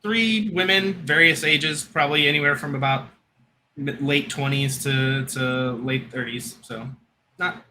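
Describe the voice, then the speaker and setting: A man narrating as game master of a tabletop game, relaxed and often laughing as he describes scenes. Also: fairly high pitch, a little slow, a little hiss or hum, low-quality recording.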